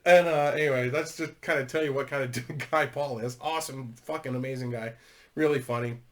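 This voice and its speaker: A man's voice: medium pitch, steady tone, fairly quick. A man telling a long rambling story to his viewers, swearing constantly and laughing as he goes. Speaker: YouTuber.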